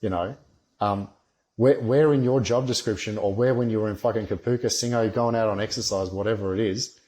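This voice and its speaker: A man's voice: on the low side, steady tone, brisk, a little mellow. A man, a former soldier, talking bluntly and rambling in a casual podcast chat, swearing constantly.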